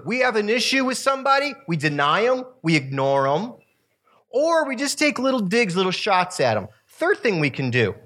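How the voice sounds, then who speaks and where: A man's voice: on the high side, bright, forceful tone. A man in his fifties giving a sermon-style talk to young people, telling stories and laughing at his own asides. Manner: storytelling with laughs and asides to the room.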